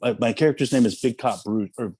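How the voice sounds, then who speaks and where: A man's voice: medium pitch, fast, warm tone, husky, no room sound. Rambling self-deprecating male actor. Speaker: actor guest. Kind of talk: casual interview chat.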